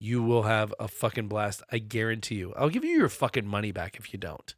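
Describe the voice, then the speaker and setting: A man's voice: fairly low pitch, sing-song, a little fast, dry recording, clean studio sound. Profane, easygoing man in his forties. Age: 40s. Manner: loose, profane storytelling. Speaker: podcast co-host. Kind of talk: casual chat.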